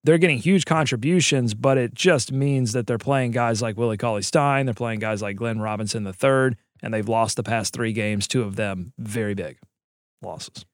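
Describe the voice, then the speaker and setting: Man, sports podcast co-host, casual joking chat, mid pitch, dry close sound. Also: moderate pace, no echo. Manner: animated, joking, rambling.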